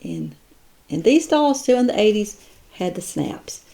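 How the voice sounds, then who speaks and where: A woman's voice: mid-range voice, wildly swooping pitch, a little slow, mellow. A woman chatting casually as she shows off her doll collection, admiring each piece and thinking aloud. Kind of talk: casual unboxing chat.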